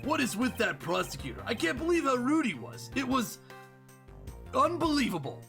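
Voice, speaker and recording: A streamer voicing a loud, loyal, excitable male detective who talks gruffly and pleads, over game music. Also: high-pitched, normal speed, pitched above the performer's own voice, full character voice. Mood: indignant. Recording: music playing behind the voice.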